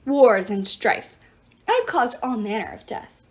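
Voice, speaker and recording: A woman voicing a boastful female goddess of strife who hisses her words slowly. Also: fairly high pitch, very animated, darkish tone.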